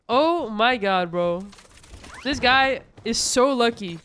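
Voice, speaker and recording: A woman hosting a gaming channel, giving excitable, exclamatory commentary straight to her viewers over gameplay. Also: fairly high pitch, takes it slowly, clean tone.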